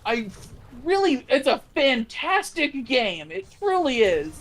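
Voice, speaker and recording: A podcast co-host in casual chat, telling a game's story in a rambling, animated way with lots of fillers and casual swearing. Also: high-pitched, takes it slowly. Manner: swears freely. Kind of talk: casual chat about video games.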